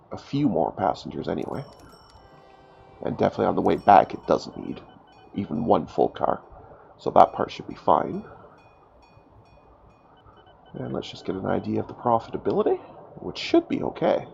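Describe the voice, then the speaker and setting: A man's voice: lowish voice, very animated, fairly quick, gravelly, darkish tone, muffled recording, slight background noise. A man with a cold and a stuffed-up voice, chatting casually as he plays a game, thinking aloud and joking at his own expense. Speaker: gaming YouTuber. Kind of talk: casual let's-play commentary.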